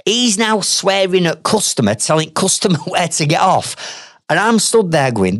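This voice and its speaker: Northern English man, lively storyteller, dry close sound; trades podcast host. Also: fairly high pitch, normal speed, no room sound. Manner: animated, conversational, blunt. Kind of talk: storytelling monologue.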